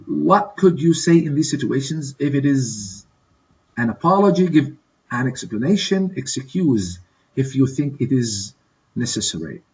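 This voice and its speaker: A man teaching an English lesson, reading exercise prompts and repeating the model answers slowly, often checking with "okay?". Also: mid-range voice, sing-song, a little mellow, husky, lo-fi sound. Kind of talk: classroom exercise walkthrough.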